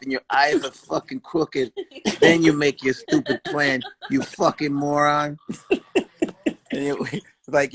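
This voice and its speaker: Crude, taunting comedian. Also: male voice, a little high, a bit bright. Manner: crude, taunting, mock-aggressive. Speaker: comedian, stream host. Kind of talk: comic trash talk on a live stream. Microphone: phone.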